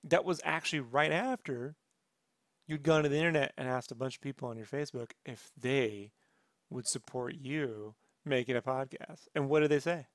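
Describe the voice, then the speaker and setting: A man's voice: mid-range voice, normal speed, dry recording, clean studio sound. A man hosting a podcast in casual chat, teasing his co-host with sarcastic banter.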